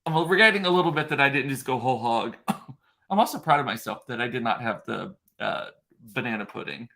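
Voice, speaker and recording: A man's voice: medium pitch, expressive, a little fast, creaky, pushed and bright. A man from South Texas, talking casually to viewers in a rambling way, full of fillers and restarts, and stopping to answer their comments. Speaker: vlogger. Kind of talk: casual live-stream chat.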